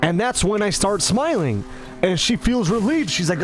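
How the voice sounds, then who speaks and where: Animated high-voiced male commentator. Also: moderate pace, slight background noise. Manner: animated, self-mocking, acts out his own lines. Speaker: gaming commentator. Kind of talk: casual rambling commentary.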